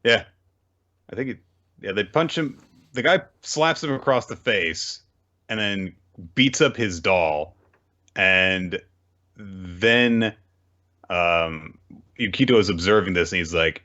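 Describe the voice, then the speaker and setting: A man's voice: low-pitched, slow, long pauses, sharp tone, highs cut off. A man hosting a podcast, chatting casually and acting out characters' lines as he recaps. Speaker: podcast host. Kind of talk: casual chat, recapping manga.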